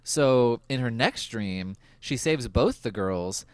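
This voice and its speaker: Animated, giggly young man recapping. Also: mid-range voice, slow, clean tone, no echo. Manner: laughs often, goofy and animated, lots of fillers. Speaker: podcast host. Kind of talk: casual episode recap chat.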